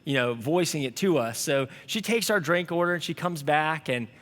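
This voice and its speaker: A man's voice: a little high, moderate pace, a bit bright, long reverb tail. A young man preaching a sermon, telling a story in an earnest, conversational way. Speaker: pastor.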